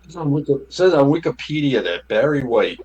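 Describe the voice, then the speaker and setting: A man's voice: medium pitch, big pitch swings, brisk, darkish tone, highs cut off. A man in a casual chat among friends, chiming in with trivia and short asides. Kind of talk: casual banter.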